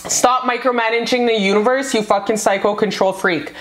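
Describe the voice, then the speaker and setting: A woman with a fairly high voice does a casual pick-a-card love reading. She talks in a gushing, foul-mouthed way, speaking straight to her viewers as "you guys." Her voice carries a roomy echo. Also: fairly even intonation, fairly quick. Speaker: tarot card reader.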